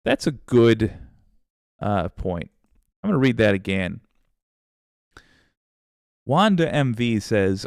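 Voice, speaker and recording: Gravelly-voiced man chatting on a livestream. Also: medium pitch, sing-song, slow, long pauses, dry recording, studio quality. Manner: rambling, sarcastic, swears freely, laughs often. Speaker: political livestream host. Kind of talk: casual livestream chat reading viewer comments.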